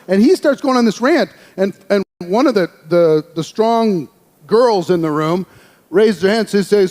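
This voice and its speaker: Animated man telling a story in a hall. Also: high voice, moderate pace. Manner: animated, acts out quoted voices. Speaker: speaker telling a personal story. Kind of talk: storytelling speech.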